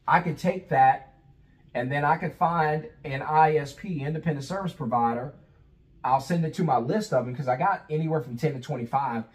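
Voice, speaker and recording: A man's voice: medium pitch, low-quality recording. A man teaching as a business coach in a conversational way, throwing rhetorical questions at the listener and acting out sales calls. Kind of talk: instructional talk.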